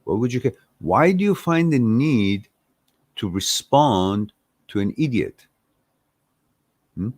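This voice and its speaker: A man's voice: medium pitch, lively intonation, slow pace, long pauses, darkish tone, no room sound, clean studio sound. A man hosting a live Q&A stream, giving blunt, profane advice and laughing often.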